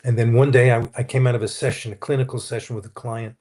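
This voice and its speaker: A man's voice: mid-range voice, little pitch movement, quick pace, a little mellow, breathy edge. A man, a Christian counselor, earnestly telling his personal testimony in a conversational interview. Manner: earnest, anecdotal, quotes others as he tells the story.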